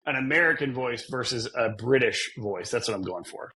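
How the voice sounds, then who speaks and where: A man's voice: mid-range voice, expressive, normal speed, pushed and bright, breathy edge. A man co-hosting a podcast, chatting casually in a rambling, self-deprecating way and laughing often. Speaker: podcast co-host. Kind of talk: casual chat.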